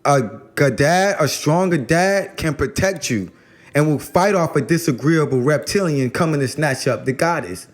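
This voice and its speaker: Male guest, higher voice, loose and rambling spiritual talk. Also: normal speed. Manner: rambling, slangy, repeats words when starting.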